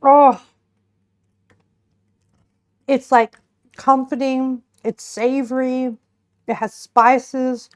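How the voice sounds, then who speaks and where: A young woman streamer with a high voice and a flat delivery draws out her words and pauses often as she cooks a pie. She still chats casually with her viewers while tasting it, giggling here and there.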